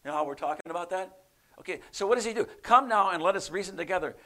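A man preaching a sermon, often asking his listeners questions and swinging between loud emphatic bursts and soft quiet lines. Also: sits high, fast. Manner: animated, rising loud for emphasis then dropping soft; asks the congregation questions often.

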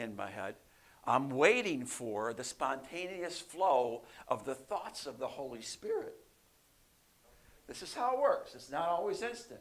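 Animated male preacher, high voice. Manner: animated, rising loud for emphasis then dropping soft; asks the congregation questions often. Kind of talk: sermon.

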